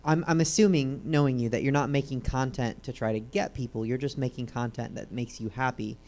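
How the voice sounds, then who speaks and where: A woman hosting an interview at a comedy theater, relaxed, wry and conversational. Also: rumbling low, brisk. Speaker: host. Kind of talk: casual interview chat.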